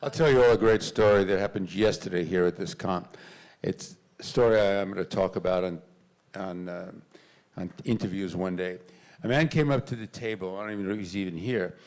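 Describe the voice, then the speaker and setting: An older man, an actor, telling animated stories on a convention panel stage, now and then shouting out remembered lines. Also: low-pitched, brisk. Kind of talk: storytelling on a panel.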